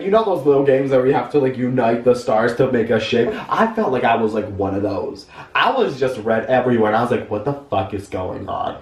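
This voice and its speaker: Young guy doing a campy storytime, voice jumps all over, echoey room kinda far from the mic, music under it. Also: a little mellow. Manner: campy, dramatic, swings into high-pitched voices. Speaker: vlogger. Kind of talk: storytime vlog.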